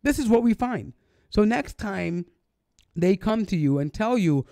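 A man's voice: high-pitched, animated, measured pace, creaky, dark tone, no echo, clean studio sound. A man giving sarcastic, indignant commentary on a clip for an online video.

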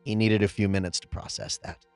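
A man reading out reader-submitted tabletop game stories in a scripted narration, expressive, with pauses for comic timing. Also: low voice, gravelly, faint music behind. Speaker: story narrator.

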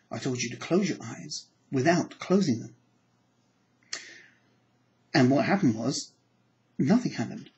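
Male psychology lecturer, mid-pitched, lively and theatrical, slightly dull lo-fi sound. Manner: animated, acts out examples with sudden pitch jumps. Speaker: applied psychology teacher. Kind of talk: lecture to camera.

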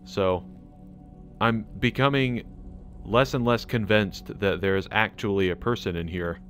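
Excitable American guy narrating gameplay. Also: on the low side, a little slow, faint music behind. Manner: excitable, chatty, laughs a lot. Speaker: gaming channel host. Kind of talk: casual gameplay commentary.

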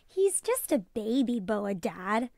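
A woman reading aloud and voicing an eager, excited young girl in a storybook. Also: a little high, takes it slowly, dry recording, studio quality, exaggerated voice.

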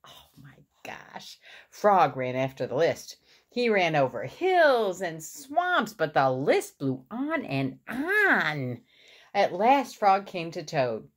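A woman reads a picture book aloud, slow and unhurried. Her voice rises and falls in a lively way as she points out the pictures. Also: lowish voice. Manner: warm, explaining the pictures. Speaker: parent reading to her boy. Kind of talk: storybook read-aloud.

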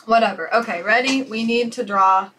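A woman's voice: fairly high pitch, moderate pace, noisy background. A woman playing a board game in casual chat, playfully bossy as she counts units and scolds her partner.

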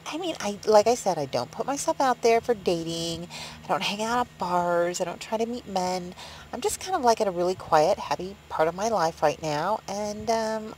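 A woman's voice: medium pitch, slight background noise, rough recording. A woman in her fifties chatting casually in a rambling way, laughing often, from inside her parked van at night. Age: 50s. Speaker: vlogger. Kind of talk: casual vlog chat.

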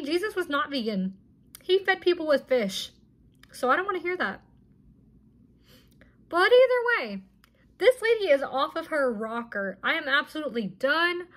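A high-voiced woman giving casual reaction commentary. She sounds indignant and exasperated and keeps her talk loose and chatty. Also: fairly bright tone. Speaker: reaction video host.

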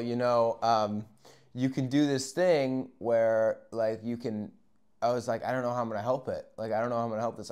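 A young man telling a story in a casual, profane, animated way, with sudden loud bursts and quiet asides. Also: on the low side, clean tone. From Arizona. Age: young adult.

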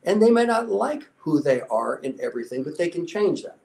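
A man in his sixties, a guest in an interview, telling a story earnestly and with a motivational drive, often dropping to a softer, lower voice when he quotes people. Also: sing-song, fairly quick, gravelly, rough recording. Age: 60s. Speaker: interview guest, former special warfare instructor. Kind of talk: conversational storytelling.

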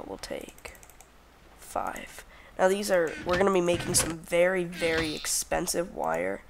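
A man's voice: fairly high pitch, vocal fry, slight background noise. A young man hosting a casual game let's play, talking to himself as he crafts and counting under his breath. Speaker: gaming channel host.

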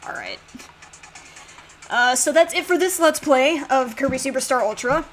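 A woman's voice: sits high, moderate pace, soft background music. Laid-back young woman playing a game. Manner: laid-back, mildly self-deprecating. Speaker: let's play host. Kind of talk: casual game commentary.

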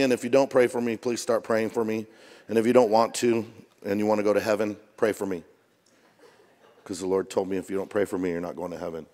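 A middle-aged man preaching a sermon as pastor, joking and conversational, jet lagged. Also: lowish voice. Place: church auditorium. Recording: long reverb of a church hall.

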